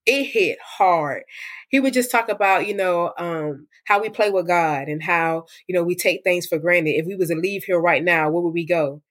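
A woman's voice: lowish voice, moderate pace, few pauses. A young woman giving a candid, emotional personal testimony as a guest in a conversational interview.

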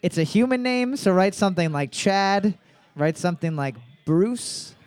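A man hosting live trivia, reading each question twice in a slow, drawn-out way and joking between questions. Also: sits high, expressive, a little mellow, clean tone, no room sound. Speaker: trivia host.

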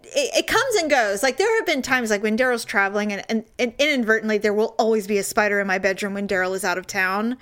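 A woman's voice: mid-range voice, fast, few pauses. A woman chatting casually as a co-host, telling stories animatedly and acting out quotes. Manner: animated storyteller, acts out quotes, laughs often. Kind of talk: casual chat.

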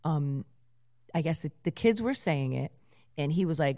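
A middle-aged woman co-hosting a casual chat, telling animated stories, swearing freely and laughing often. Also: low-pitched, normal speed.

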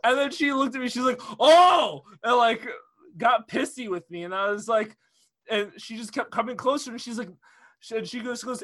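A young man chatting on a casual podcast, his voice high and bright. He tells stories with a lot of energy, laughing often and cursing freely. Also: normal speed. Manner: animated storyteller, laughs often, swears freely. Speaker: podcast co-host.

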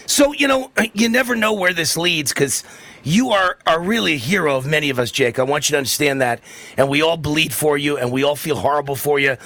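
A man's voice: on the high side, brisk, bright, forceful tone, no echo. A man hosting a political talk radio show, talking in an emphatic, heated way with lots of repetition.

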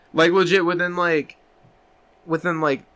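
A man's voice: fairly high pitch, little pitch movement, slow, a bit bright, smooth, no echo. A young man co-hosting a comedy podcast, rambling and swearing as he tells stories. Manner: profane, rambling storytelling with put-on voices. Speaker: podcast co-host. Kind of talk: crude comedic chat.

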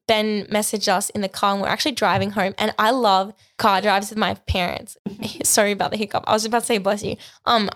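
A young woman co-hosting a podcast, telling stories in a chatty way full of "like". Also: mid-range voice. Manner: chatty storyteller, lots of "like". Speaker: podcast co-host. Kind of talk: casual podcast chat.

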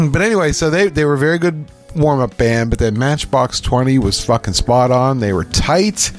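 Middle-aged Pennsylvania man, podcast co-host, animated storyteller voicing his own quotes, faint music underneath. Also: mid-range voice, moderate pace. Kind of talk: casual chat.

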